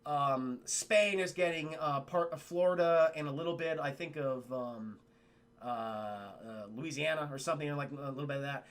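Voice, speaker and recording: A man recapping a film scene by scene for his live stream chat, animated and profane, mimicking characters as he goes. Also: a little high, moderate pace.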